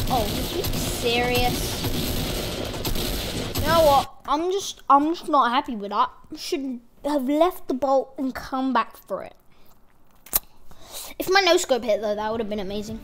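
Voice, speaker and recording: Slow-talking chatty woman gamer. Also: high voice, animated, background noise. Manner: chatty, playful, rambling. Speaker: gaming channel host. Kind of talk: gameplay commentary.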